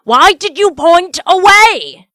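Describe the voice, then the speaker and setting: A woman's voice: mid-range voice, takes it slowly, fairly bright tone, no room sound. A woman reading aloud, voicing an old miserly man who pleads urgently and cries out in alarm. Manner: urgent, rising to anxious cries.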